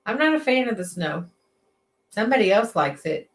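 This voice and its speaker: A woman co-hosts a late-night livestream from a metal shop. Her voice sits at a middle pitch, and she chats easily while reading viewer comments aloud. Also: sing-song, moderate pace. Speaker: livestream co-host.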